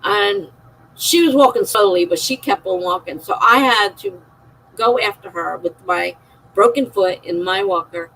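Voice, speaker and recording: A woman's voice: mid-range voice, a little slow, a bit bright, low-quality recording. A middle-aged woman streaming a personal, emotional monologue, confiding and circling back on herself as she talks. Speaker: live streamer.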